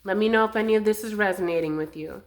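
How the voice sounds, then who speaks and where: A woman doing a collective tarot reading to camera, soothing and affectionate, a little winded. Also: medium pitch. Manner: slow, soothing and affectionate, calls viewers loves and darling. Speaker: tarot reader.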